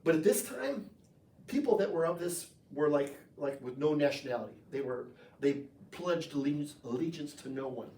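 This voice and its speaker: American man preaching, lively chatty sermon, fairly high voice, echoey church room, mic set back. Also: normal speed, recorded from a distance. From United States. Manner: conversational, animated preaching with jokes. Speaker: pastor. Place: church sanctuary.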